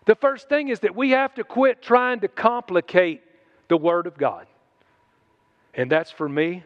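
A man's voice: sits high, measured pace, muffled recording. A man preaching a sermon in a folksy, conversational way, mixing in humor.

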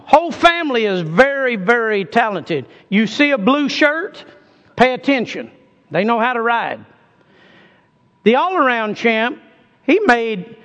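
A man with a high voice preaches at an unhurried pace, folksy and chatty, calling on the congregation to say amen. His words ring out with a long reverb from a large hall. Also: fairly bright tone, muffled recording. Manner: folksy, calls on the congregation to answer. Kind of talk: sermon.

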